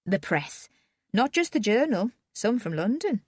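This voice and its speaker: A woman voicing a fussy, motherly older landlady, homely and quick to take offence. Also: a little high, very animated, a little mellow, slightly rough, no room sound, studio quality, pitched above the performer's own voice, exaggerated voice. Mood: fretful.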